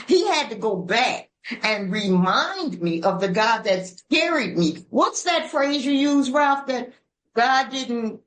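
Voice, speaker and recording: Georgia lady sharing her recovery story, lively and folksy, bit high voice, roomy echo. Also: takes it slowly. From Georgia, USA. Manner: animated, folksy, emphatic with repeated "bam". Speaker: recovery podcast co-host. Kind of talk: heartfelt conversational sharing.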